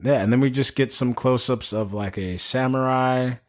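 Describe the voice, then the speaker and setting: A man co-hosting a movie review podcast, retelling scenes in a rambling, animated way and slipping into quick put-on quotes. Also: mid-range voice. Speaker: podcast co-host. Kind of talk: casual movie review chat.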